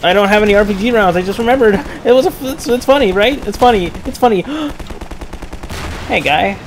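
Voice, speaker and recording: A man's voice: sits high, quick pace, poor audio. A man hosting a let's play with jokey gaming commentary and dramatic mock complaints. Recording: game noise loud behind.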